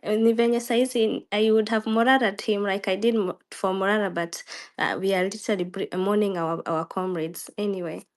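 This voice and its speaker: A woman's voice: medium pitch, steady tone, a little fast. A Kenyan woman hosting a live online discussion, firm and emotional, slipping into Swahili. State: emotional, near tears. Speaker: host. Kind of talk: live audio space discussion.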